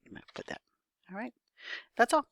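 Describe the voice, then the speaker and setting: A woman's voice: normal speed, dry recording, studio quality. A woman teacher giving a recorded spelling lesson, thinking aloud patiently and checking in with her students.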